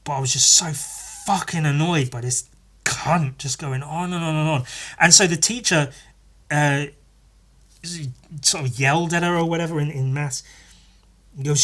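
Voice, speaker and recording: Sweary, sardonic man with a bright voice. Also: fairly high pitch, normal speed. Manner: sweary, sardonic, laughs often. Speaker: podcast host. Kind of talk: casual storytelling monologue.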